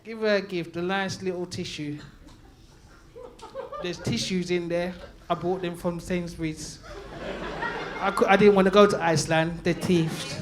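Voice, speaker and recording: A man with a London accent doing open-mic stand-up on a comedy night stage. His voice sits high for a man, and he talks loudly, laughing through his lines and trading calls with the crowd. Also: fairly even intonation, unhurried, pauses often, background noise. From Brixton, London. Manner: loud, chatty, laughing, riffs with the crowd.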